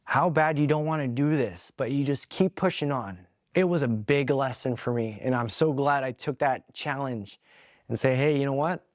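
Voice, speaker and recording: A man's voice: mid-range voice, moderate pace, no echo, clean studio sound. A young adult man hosting a podcast, telling a personal story in an earnest, candid way, emotional and holding back tears. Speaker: podcast host.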